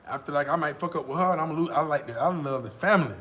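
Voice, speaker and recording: An American man vlogging, telling a boastful, profane story in a casual, animated way. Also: a little high, racing.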